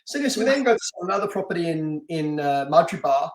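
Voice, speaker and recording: Animated London-born man telling a story. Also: fairly high pitch, quick pace, echoey room. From London, England. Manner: animated, laughs often, many restarts. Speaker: podcast guest, martial artist and stunt actor. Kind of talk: casual storytelling interview.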